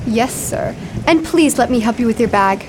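Woman plays a timid landlady: meek and deferential, high voice, old radio drama style. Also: lively intonation, moderate pace, background noise, lightly acted. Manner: meek and deferential, keeps saying sir. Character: timid, eager-to-please landlady. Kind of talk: 1940s radio acting.

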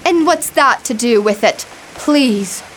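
A woman's voice: on the high side, lively intonation, slow pace, a little hiss or hum. An actress playing a timid, eager-to-please landlady in a radio drama, meek and deferential, calling her lodger sir. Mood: bustling. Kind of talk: 1940s radio acting.

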